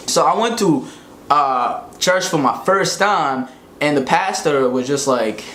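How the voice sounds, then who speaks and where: A man from Africa telling comedic stories in an animated, slangy, profane way. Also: on the high side. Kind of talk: casual comedic storytelling. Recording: echoey room, faint noise.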